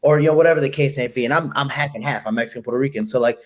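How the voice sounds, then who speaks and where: A young man from Chicago speaks casually as a guest fighter in an interview, his voice at a middle pitch. He tells his stories quickly and with animation, slipping into the voices of the people he quotes.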